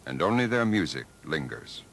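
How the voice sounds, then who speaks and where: Deep-voiced male documentary narrator. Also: very animated, fairly bright tone, soft background music, poor audio. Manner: measured, deliberate delivery.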